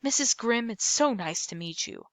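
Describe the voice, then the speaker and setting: A woman's voice: a little high, animated, normal speed, dry recording, pitched above the performer's own voice. A woman voicing a stern, mean old female caseworker who gives curt, threatening orders in a storybook reading. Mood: forced polite.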